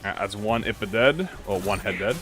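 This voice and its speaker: Lively young man narrating gameplay. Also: on the low side, moderate pace. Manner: excitable, slangy, swears casually, thinks aloud. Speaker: gaming YouTuber. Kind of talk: casual let's-play commentary. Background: faint game music.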